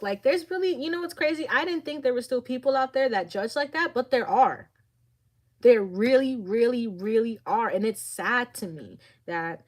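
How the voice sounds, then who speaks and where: A woman psychic reader speaks through tears as she channels a spiritual message. Her talk is heartfelt and loose, full of fillers and false starts, and nervous laughter keeps slipping through. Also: medium pitch. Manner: heartfelt, rambling with many fillers and restarts. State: teary, emotional. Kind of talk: channeled spiritual reading monologue.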